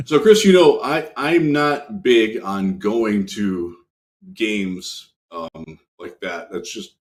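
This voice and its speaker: Reflective male podcast co-host with a fairly low, measured voice. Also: lively intonation. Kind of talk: casual chat.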